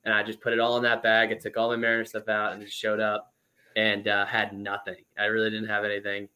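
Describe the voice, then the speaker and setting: A man in his twenties, a former pro baseball player, telling stories as a guest in a casual interview, chatty and lively with lots of fillers. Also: lowish voice, quick pace, smooth.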